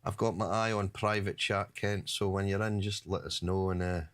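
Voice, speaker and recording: A man's voice: low voice, little pitch movement, moderate pace. A man hosting a live studio stream, chatting casually, joking and laughing often. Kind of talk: casual banter.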